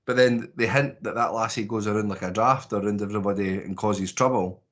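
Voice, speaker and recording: A man's voice: on the low side, a little fast, fairly bright tone. Rambling, sweary Scottish man. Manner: rambling and sweary, with frequent restarts. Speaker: podcast co-host. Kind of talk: casual movie review chat.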